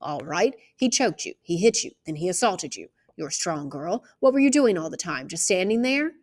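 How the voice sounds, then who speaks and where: A woman doing a calm patient lawyer man, measured probing questions, storybook reading. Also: on the low side. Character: calm, patient older male country lawyer.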